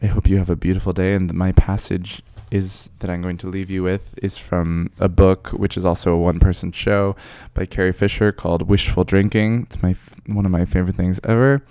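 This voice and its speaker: A man's voice: low voice, little pitch movement, a little fast, hardly any pauses, warm tone, clear, resonant tone, no echo, clean studio sound. A man hosting his own show, chatting casually on his own in a rambling, playful way with lots of fillers. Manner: chatty and rambling, many fillers, playful bursts of self-praise. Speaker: podcast host, drag performer. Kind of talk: casual solo chat.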